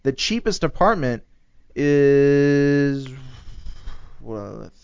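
A man's voice: mid-range voice, lively intonation, very slow, vocal fry, a little mellow, clean tone. A man chatting casually, telling stories with a mid-range voice. He stammers through restarts and laughs often. The recording sounds a little dull and lo-fi. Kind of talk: casual chat.

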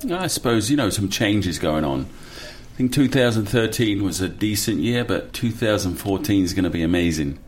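English guy with a low voice, laid-back radio guest, faint hiss behind. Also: animated, moderate pace. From England. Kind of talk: casual radio chat.

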